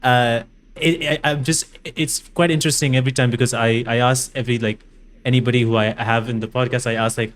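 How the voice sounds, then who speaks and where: A man hosts a podcast interview in a voice of ordinary pitch. He asks questions haltingly, restarting and rephrasing often with plenty of fillers. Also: fairly even intonation. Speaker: podcast host.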